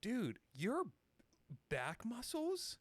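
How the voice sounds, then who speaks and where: A young man in casual podcast chat, excitable and exclaiming, often stammering as he starts a thought. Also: very high-pitched, drawn-out words, dry recording. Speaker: podcast participant. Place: podcast studio.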